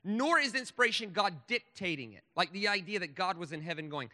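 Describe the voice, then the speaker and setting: A man's voice: sits high, lively intonation, brisk, sharp tone, big-room sound. A man preaching a sermon in a church sanctuary, emphatic, with frequent stammered restarts.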